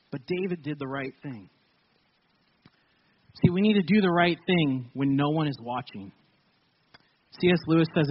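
A man's voice: high voice, husky, muffled recording. A man preaching a casual sermon to his church, joking and laughing as he talks. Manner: conversational, joking, laughs often. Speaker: pastor.

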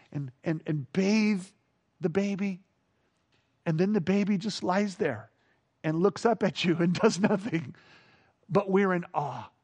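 A man with a strikingly high voice delivers a sermon. He drops into hushed, reverent passages, then lifts into playful, animated emphasis. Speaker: pastor.

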